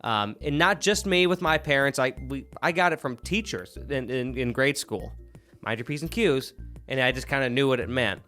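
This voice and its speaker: A man's voice: mid-range voice, moderate pace, sharp tone, soft background music. A man hosting a podcast in casual chat, laughing often and restarting his sentences. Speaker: podcast host.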